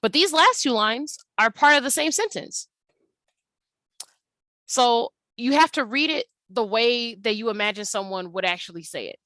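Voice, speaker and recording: A young adult woman teacher talking through a recorded slide lesson at an unhurried pace, with many ums and uhs. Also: a little high, expressive, sharp tone, no room sound.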